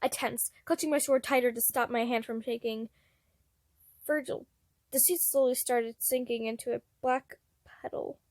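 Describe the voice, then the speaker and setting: Girl reading fanfic out loud, high voice, dry close mic, chatty asides. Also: normal speed, no room sound. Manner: expressive, breaks off to comment. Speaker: fan fiction reader. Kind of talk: reading fan fiction aloud.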